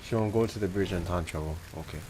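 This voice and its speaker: Low-voiced Manchester streamer. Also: male voice, quick pace, background noise. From Manchester, England. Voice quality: chatty, filler-heavy. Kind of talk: casual game livestream chat.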